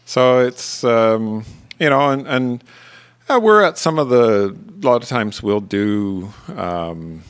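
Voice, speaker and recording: A man, a guest on a radio interview, talking casually with many pauses and restarts. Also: mid-range voice, animated, clear, resonant tone. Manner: hesitant, many fillers and restarts. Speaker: guest, cheese producer.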